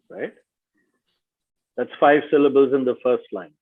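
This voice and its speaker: A man leading an online workshop, speaking slowly and deliberately and stressing each syllable as he reads. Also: medium pitch, steady tone. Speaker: workshop facilitator. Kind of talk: online teaching session. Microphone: video call. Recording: tinny video-call audio.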